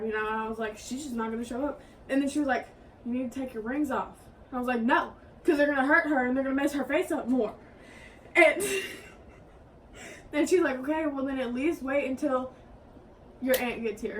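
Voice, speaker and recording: A young woman with a drawl tells a story to a friend and slips into quoted voices with a raised pitch. Her voice sits high, and she sounds a little distant from the mic. A faint hiss runs underneath. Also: normal speed, long pauses. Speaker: co-host. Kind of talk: casual storytelling.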